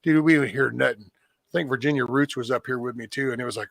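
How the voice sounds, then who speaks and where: Gravelly man telling a wild story. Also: medium pitch, a little fast, dry recording. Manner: animated storyteller, acts out quotes, swears freely. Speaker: live stream host. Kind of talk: casual storytelling chat.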